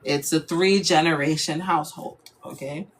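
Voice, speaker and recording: A woman's voice: deep voice, steady tone, moderate pace, a little hiss or hum. Chatty young woman telling a story. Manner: chatty, lots of "like" fillers. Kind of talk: casual storytime.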